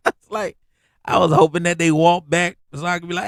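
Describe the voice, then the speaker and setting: A man's voice: moderate pace, gravelly, no room sound, studio quality. A middle-aged man hosting a podcast, telling comedic stories in slangy casual talk, with his voice jumping up on the punchlines. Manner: animated, slangy storytelling with rising pitch on asides. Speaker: podcast host.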